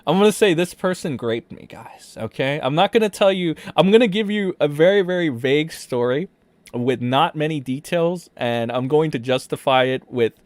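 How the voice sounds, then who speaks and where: A man's voice: medium pitch, expressive, unhurried, dry recording, natural voice. A man doing a sarcastic, overdramatic imitation of a whiny online accuser. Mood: mocking.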